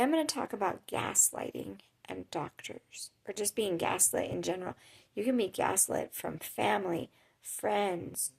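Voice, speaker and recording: A woman's voice: medium pitch, creaky, a little mellow, husky. A woman vlogging about her life with chronic illness, telling stories in a chatty, rambling way with little laughs. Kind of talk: casual storytelling to camera. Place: home in a hot desert area.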